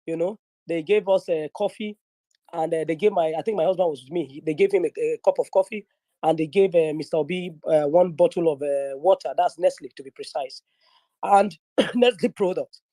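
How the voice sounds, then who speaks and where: A young woman from northern Nigeria with a Nigerian English accent, telling a story in a lively, chatty way and slipping into pidgin. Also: deep voice, brisk, no room sound. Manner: animated, mixes pidgin, acts out quoted voices. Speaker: guest speaker in an online audio room. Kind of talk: casual storytelling. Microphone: phone or headset in an online audio room.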